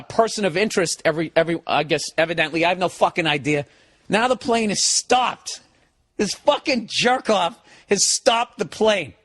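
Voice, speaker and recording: A man, telling a profane comic story as a podcast host and acting out other people's lines. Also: sits high. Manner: animated, swearing, acts out other people's lines, laughs. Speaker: comedian on his podcast. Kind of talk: profane comedic storytelling rant.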